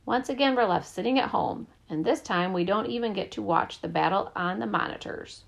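A woman's voice: mid-range voice, fairly quick, vocal fry, lightly acted, rough recording. A woman voicing an impatient young boy.

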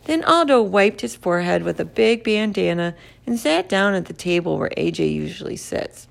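A woman narrating a children's story in a lively, expressive storybook reading. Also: lowish voice, moderate pace, creaky, few pauses.

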